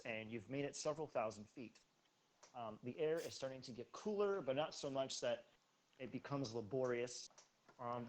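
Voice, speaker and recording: A man's voice: mid-range voice, slight background noise. Laid-back male game master. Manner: laid-back, casual, swears freely. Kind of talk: narrating a tabletop game.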